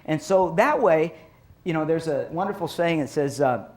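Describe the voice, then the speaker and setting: A middle-aged man giving a professional development talk to educators, telling lively stories and acting out teachers and kids. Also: a little high, moderate pace. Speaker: speaker on child behavior for educators. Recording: roomy echo.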